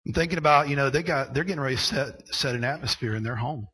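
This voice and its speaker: A man preaching a sermon, going from quiet storytelling to loud, shouted preaching. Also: medium pitch, fast talker, rough recording. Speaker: pastor.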